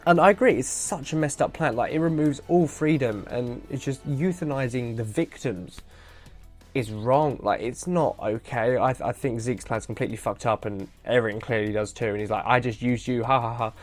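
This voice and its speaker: A man's voice: medium pitch, moderate pace, faint music behind. A man hosting a casual solo podcast into a headset mic, rambling and self-deprecating, tired and loopy after midnight. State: tired and loopy late at night. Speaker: podcast host.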